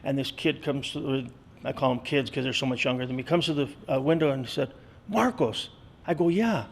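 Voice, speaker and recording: Gravelly earnest man in his sixties. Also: mid-range voice, steady tone. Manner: earnest, halting with many fillers. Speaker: school custodian. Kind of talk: interview storytelling.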